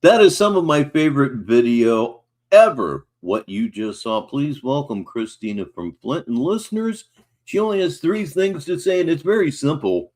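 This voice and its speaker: A man's voice: on the high side, lively intonation, moderate pace, a little mellow, faint music behind. An older man hosting a casual livestream, talking in a wry, mocking way. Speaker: livestream host.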